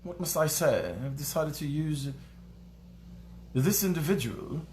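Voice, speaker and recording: A man voicing a prim, proper-spoken English news critic with careful, formal enunciation and a measured, pompous newsreader delivery. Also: on the high side, darkish tone, slight background noise, lightly acted.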